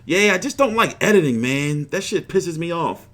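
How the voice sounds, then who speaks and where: A man's voice: fairly high pitch, lively intonation, moderate pace, a bit bright. A man hosting a boxing livestream, chatting casually in a rambling, profane, frustrated way.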